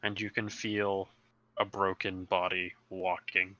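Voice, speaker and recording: A man narrating as game master in a tabletop game, setting scenes slowly and descriptively. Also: sits low, flat delivery, pushed and bright, highs cut off.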